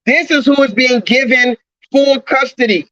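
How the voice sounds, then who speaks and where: A man with a high, bright voice rants into his phone on a live stream, circling back over the same points in an agitated way. The sound is dry and close, with a dull, lo-fi phone quality. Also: moderate pace, dry recording. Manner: agitated, repetitive ranting, swears often. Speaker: livestreamer. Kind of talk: ranting live stream monologue. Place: outdoors near a coffee shop. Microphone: phone held at arm's length.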